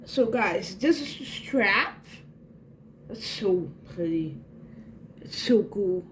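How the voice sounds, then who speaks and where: A young woman vlogging an unboxing at home, gushing excitedly as she talks. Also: mid-range voice, slow pace, a little hiss or hum. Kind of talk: casual unboxing vlog.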